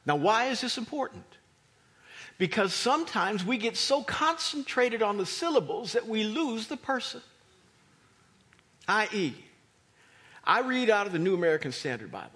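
A man preaching a sermon as a pastor, animated and emphatic, with a slightly husky voice. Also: high voice, normal speed, long pauses. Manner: animated preaching, rising to near shouts for emphasis.

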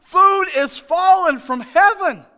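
A male pastor delivering a lively sermon in a strikingly high voice for a man. He jokes and teases the congregation, then climbs into loud, emphatic shouts to drive each point home. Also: slow. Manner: animated, joking, playfully exasperated.

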